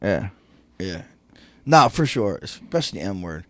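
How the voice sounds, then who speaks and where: A man co-hosting a podcast in casual chat, with emphatic, quick reactions. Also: sits low, sing-song, a bit bright, no echo. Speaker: podcast co-host.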